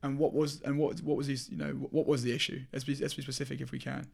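A man's voice: medium pitch, level tone, fast talker, creaky, husky. A man co-hosting a podcast in casual chat, probing with question after question. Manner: probing, keeps asking questions. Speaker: podcast co-host.

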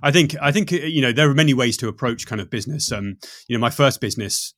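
A middle-aged man from the United Kingdom, a coach chatting as a podcast guest, talking fast with lots of restarts and fillers. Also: medium pitch, animated, a bit bright, dry recording, studio quality. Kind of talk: casual podcast conversation.

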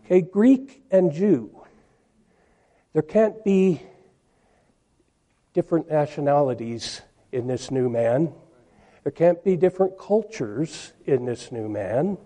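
A male preacher delivering a sermon at a slow, deliberate pace. His voice sits a little high for a man, yet it sounds mellow and soft. He reads scripture aloud and leans hard on the words he wants to stress. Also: lively intonation.

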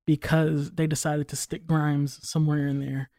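A man's voice: fairly high pitch, level tone, normal speed, darkish tone, no echo, studio quality. A man chatting casually on a podcast, opinionated and rambling, with frequent swearing. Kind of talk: casual chat.

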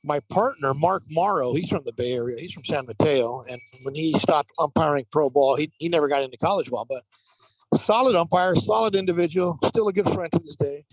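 A man who works as a professional baseball umpire, telling lively stories in a casual interview with many fillers. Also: a little high, a little fast, slightly rough, no room sound, low-quality recording. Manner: animated anecdotal telling, frequent fillers.

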